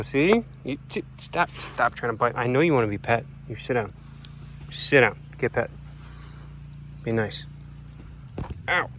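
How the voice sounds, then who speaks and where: A man in the middle of his animal sanctuary chores, cooing at his pets and scolding them gently when they nip at him. His voice sits in an ordinary middle range, caught close on a handheld phone. A faint layer of outdoor noise runs under everything he says. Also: medium pitch. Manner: coaxing, playful baby talk to animals. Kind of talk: casual vlog talking to animals. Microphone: phone held in hand.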